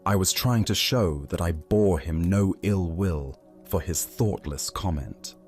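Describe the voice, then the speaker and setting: A man's voice: low-pitched, measured pace, darkish tone, soft background music. A man voicing an indignant one-eyed monk. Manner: agitated, offended.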